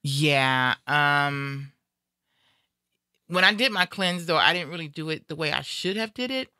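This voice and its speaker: A woman's voice: low-pitched, expressive, measured pace, pushed and bright, smooth, no room sound, studio quality. A woman in her fifties, a guest on a comedy talk show, chatting in a frank and bawdy way. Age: 50s. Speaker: guest co-host. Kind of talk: casual comedic chat.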